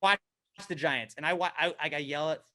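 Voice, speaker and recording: Brief: male podcast co-host with a higher, bright voice, profane and self-mocking, swinging from mumbles to yelling. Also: fairly quick. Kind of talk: casual comedic podcast chat.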